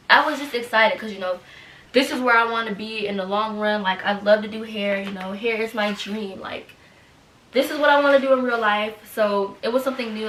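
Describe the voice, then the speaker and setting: A woman's voice: medium pitch, a bit bright, distant mic, a little hiss or hum. A woman in her twenties telling a personal story at home, rambling with lots of "like" and "you know", close to tears. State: teary, holding back tears. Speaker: vlogger. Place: home room. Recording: roomy echo, speaking a bit off-mic.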